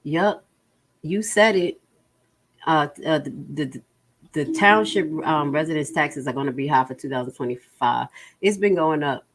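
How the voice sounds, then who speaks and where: A woman's voice: sits low, a little slow, a little hiss or hum. Blunt, exasperated woman livestreaming. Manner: blunt, exasperated, reads chat aloud. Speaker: livestream host. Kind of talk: casual livestream commentary.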